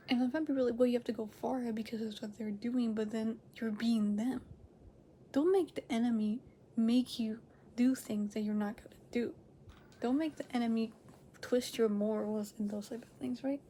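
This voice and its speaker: A woman with a fairly high voice chats to camera from home, rambling and correcting herself as she goes. She laughs often and jumps from loud, excited bursts down to soft near-whispers. A faint hiss sits under the recording. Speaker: reaction video host. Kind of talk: casual chat to camera.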